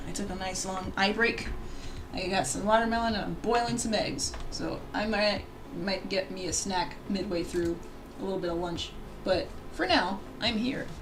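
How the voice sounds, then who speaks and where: A woman streaming her live learning session, chatting casually, excitable and thinking aloud. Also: medium pitch, moderate pace, noisy background.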